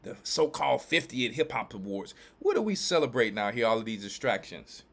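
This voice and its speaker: A mid-pitched man from Louisiana and Texas speaks as a church elder and pastor. He preaches his commentary emphatically, repeating himself and restarting his phrases. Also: sing-song, vocal fry, fairly bright tone. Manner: emphatic and repetitive, with quick restarts.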